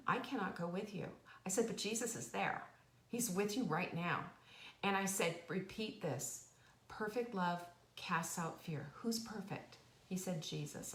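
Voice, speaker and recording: A woman's voice: mid-range voice, fairly bright tone, roomy sound. A woman hosting a live stream, telling a personal story and urging viewers on with emotional, faith-filled encouragement. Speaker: host. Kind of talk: motivational live-stream talk.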